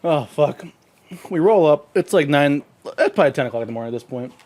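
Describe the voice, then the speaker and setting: A man on a casual podcast recounting a rowdy story, full of swearing and quoted dialogue. His pitch sits slightly high and swings widely as he tells it. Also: fast talker. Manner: animated, profane storyteller acting out quotes. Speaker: podcast co-host.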